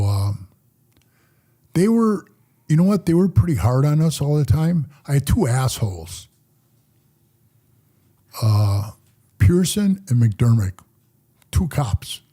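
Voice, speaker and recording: An older man with a husky, mellow voice tells stories in a casual podcast interview. He talks rough and profane and acts out each person in his tales. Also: medium pitch, lively intonation, a little slow, long pauses. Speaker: podcast guest, former motorcycle club president.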